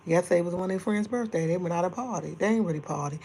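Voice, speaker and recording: Chatty middle-aged woman, low voice. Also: very fast, slight background noise. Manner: chatty, rambling, laughs often; speaking softly at times to keep quiet. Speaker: livestream host. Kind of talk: casual livestream chat with viewers.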